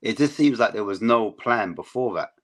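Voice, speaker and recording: Deep voiced guy rambling about his football club, relaxed fan chat. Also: normal speed. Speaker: fan panelist.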